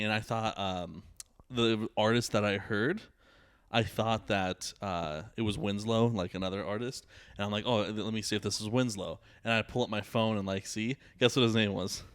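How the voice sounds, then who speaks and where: A man's voice: on the low side, steady tone, normal speed, fairly bright tone, smooth, dry recording, studio quality. Joking, rambling man hosting a podcast. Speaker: podcast host. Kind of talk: casual chat.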